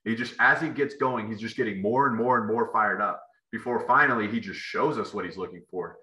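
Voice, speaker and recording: A man with a low-set, very bright and sharp voice tells stories about his playing days as a podcast guest. He rambles and restarts his sentences, padding them with fillers. The room around him rings with echo. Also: a little fast. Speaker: podcast guest, former football player. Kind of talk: casual storytelling interview. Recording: echoey room.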